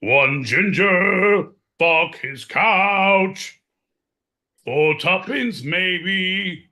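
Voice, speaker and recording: A man putting on a loud Cockney street auctioneer, selling off a boy with slow, drawn-out shouts. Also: high-pitched, pitched above the performer's own voice, heavily acted. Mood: hawking. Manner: shouting, drawn-out sales patter.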